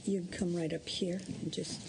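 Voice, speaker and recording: A woman chairing a legislative committee hearing, brisk and procedural. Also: fairly low pitch, level tone, vocal fry, background noise.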